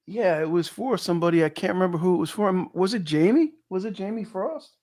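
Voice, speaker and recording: A man's voice: high voice, expressive, fast, a little mellow. A man co-hosting a livestream in a casual, joking chat, laughing often. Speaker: co-host of a precious metals livestream.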